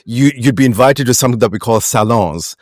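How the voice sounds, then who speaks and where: Here a Pakistani-accented man talks fairly quickly in a mid-range voice, with no room sound at all. As a guest in a conversational interview, he reflects aloud, wandering through restarts and fillers.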